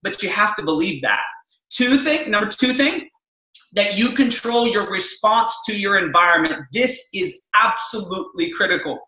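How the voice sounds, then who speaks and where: A middle-aged man giving an energetic, emphatic motivational talk, telling personal stories to make his points. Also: high voice, moderate pace, reverberant, rough recording. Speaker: motivational speaker.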